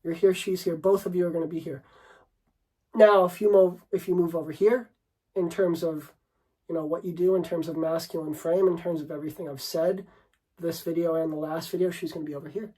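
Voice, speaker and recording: A man's voice: on the high side, steady tone, fairly quick, dark tone, low-quality recording. A man coaching on dating, talking unscripted to the camera in a brash, swearing, rambling way, and calling the listener bro and dude.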